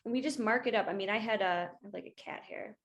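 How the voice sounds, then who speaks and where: A woman's voice: medium pitch, fairly quick. A young adult woman, an actor, interviewing her coach in an enthusiastic, casual way with many fillers, over a video call.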